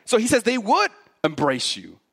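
A man preaching an expository sermon in an earnest voice, stacking repeated phrases as he builds each point and dropping low and quiet for his warnings. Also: wildly swooping pitch, moderate pace, gravelly, slightly rough. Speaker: pastor.

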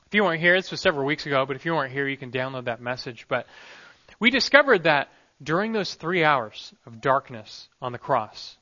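In a dull lo-fi recording, a pastor gives an earnest, emphatic expository sermon, frequently letting phrase endings drop soft. His medium-pitched voice is animated and brisk.

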